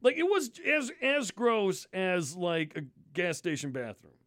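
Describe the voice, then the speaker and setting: Brief: male podcast host, slightly high voice, animated profane ranting, dry close mic. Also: a little slow, no room sound. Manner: animated, swears constantly, disgusted ranting. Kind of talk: casual profane storytelling.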